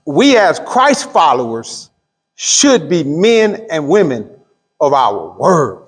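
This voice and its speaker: A middle-aged pastor teaching a Bible study, asking the room questions and drawing out key words. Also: male voice, sits high, husky. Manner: call-and-response questions to the room; drawls key words slowly. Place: church hall. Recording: long hall reverb.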